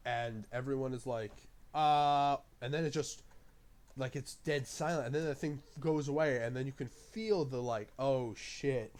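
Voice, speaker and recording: Male movie reviewer, casual unscripted talk, rambling, heavy swearing, excitable bursts, mid-range pitch. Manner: loose and rambling, frequent swearing, enthusiastic bursts.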